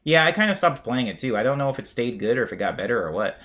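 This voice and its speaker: A man's voice: mid-range voice, sing-song, quick pace, a bit bright. A young man streaming live, reading chat aloud and rambling in a chatty, jokey way. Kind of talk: casual chat.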